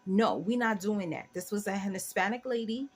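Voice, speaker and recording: A woman's voice: mid-range voice, moderate pace, slightly rough. A woman in her forties with an African American English accent, casually telling a story to her viewers and acting out the dialogue. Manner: chatty, animated retelling with quoted dialogue. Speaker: vlogger.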